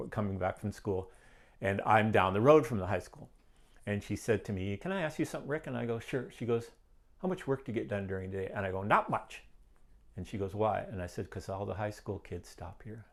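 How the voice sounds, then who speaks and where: A middle-aged man with a low, gravelly voice tells his own story. He speaks plainly and candidly, and grows animated when he quotes other people. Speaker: guest telling his testimony.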